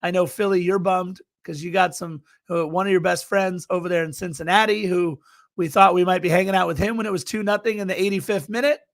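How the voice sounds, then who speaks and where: A man with a high voice co-hosts a soccer fan podcast. He talks in a casual, excitable way and shouts out listeners in the chat. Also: fairly quick, gravelly. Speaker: podcast co-host.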